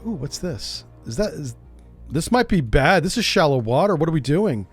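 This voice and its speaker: A man streams a game and keeps up casual, joking commentary as he thinks out loud. His voice sits fairly high and swings up and down in a lively way. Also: moderate pace, breathy edge, faint music behind.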